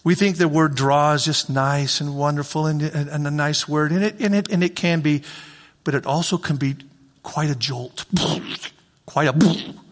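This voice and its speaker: A man preaching a sermon, acting out God's voice and swinging between shouts and hushed pleading. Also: fairly high pitch, moderate pace, in a large hall. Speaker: pastor.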